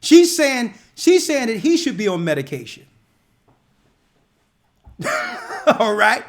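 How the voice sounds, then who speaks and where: A man commenting to his listeners, slow and emphatic like a preacher. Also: extremely high pitch, very animated.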